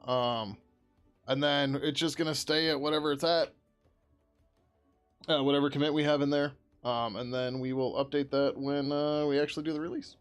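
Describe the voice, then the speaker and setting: A man's voice: on the high side, steady tone, normal speed, clear, resonant tone, faint music behind. A man chatting casually on a live stream while he works on code, reading out and answering chat questions and laughing often. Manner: drops into a loud joking whisper. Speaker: open-source developer streaming.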